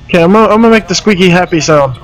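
A man's voice: sits high, lively intonation, rapid-fire, rough recording. A young man streaming a horror game over a headset mic, swearing and laughing nervously as he panics. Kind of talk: live gameplay commentary.

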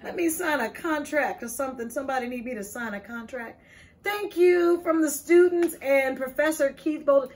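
A woman's voice: high-pitched, darkish tone. A woman hosting a casual video, opening gifts with playful, exuberant chatter. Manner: exuberant, playful, quick to laugh. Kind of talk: casual chat.

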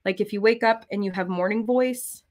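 A woman's voice: medium pitch, moderate pace, darkish tone, lo-fi sound. Chatty woman crafter, talks while she works, wanders off topic easily. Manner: chatty, rambling onto side topics. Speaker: cross-stitch designer and streamer. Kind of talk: casual chat while stitching.

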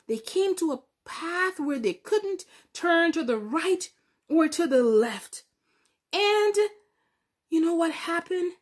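A woman with a bright, high voice hosts a Bible lesson for children. She unhurriedly tells the story, with lively pauses and questions to her young listeners. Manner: animated, asks the children questions.

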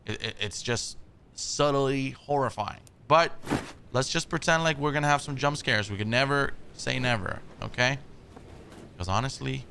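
A man's voice: medium pitch, normal speed, creaky, pushed and bright, slight background noise. A man hosting a horror game playthrough, chatting casually, jumpy, swearing and talking back to the characters. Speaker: gaming video host.

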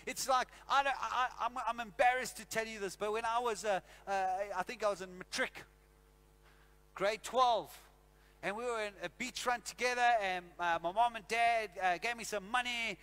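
Brief: South African male preacher, animated storyteller, higher pitched. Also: moderate pace, clear, resonant tone. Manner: animated storytelling, acts out scenes. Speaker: pastor. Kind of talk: sermon. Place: church.

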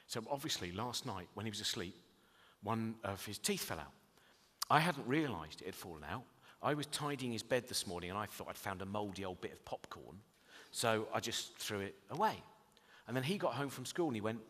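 Animated man telling comic stories. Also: lowish voice, brisk, husky. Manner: animated, acts out voices, rising to loud laughing bursts. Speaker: comedian giving a talk. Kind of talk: comic storytelling talk. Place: stage in a lecture hall. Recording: long reverb of a lecture hall.

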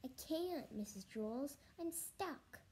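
A woman voicing a panicky, whiny schoolboy who pleads in a high, strained voice. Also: lively intonation, slow pace, mellow, slight background noise, poor audio. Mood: pleading.

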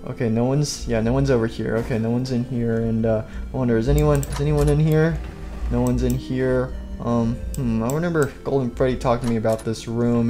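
Give me a man mumbling his way through a game search, with soft game music behind. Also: medium pitch, steady tone, fairly quick. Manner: rambling, talks to himself while playing. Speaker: roleplay creator and seeker. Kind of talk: game roleplay chatter.

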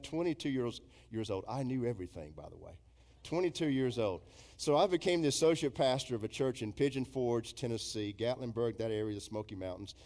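A middle-aged man delivers a sermon from a church sanctuary, mixing storytelling with emphatic preaching. He imitates imagined members of the congregation, with big shifts in pitch and volume.

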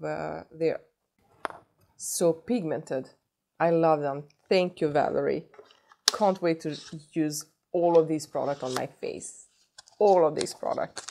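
Emotional low-voiced woman vlogger. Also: a little mellow, slight background noise. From Sweden. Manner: gushing, emotional, repeats herself. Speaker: beauty vlogger. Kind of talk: unboxing vlog.

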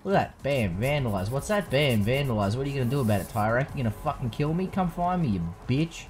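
A man's voice: medium pitch, quick pace, faint music behind. A young man casually commentating a video game playthrough, joking and swearing freely. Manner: profane, joking, animated. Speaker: let's play host.

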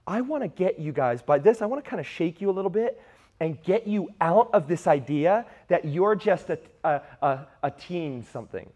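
A man's voice: fairly high pitch, animated, normal speed, a little mellow. A man preaching a sermon to young men, emphatic and conversational, with frequent rhetorical questions. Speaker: youth preacher.

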